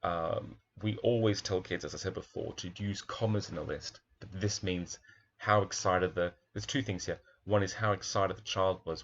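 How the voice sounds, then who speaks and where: A man's voice: sits low, fairly even intonation, normal speed, highs cut off, a little hiss or hum. A man, a primary school teacher, talks thoughtfully through a picture book, admiring its pages and asking questions aloud.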